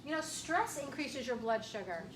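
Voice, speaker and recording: A woman chiropractor giving a casual, emphatic health workshop talk to an audience, clearing her throat often. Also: high-pitched, expressive, moderate pace. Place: room with an audience. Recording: echoey room from far off, faint hiss.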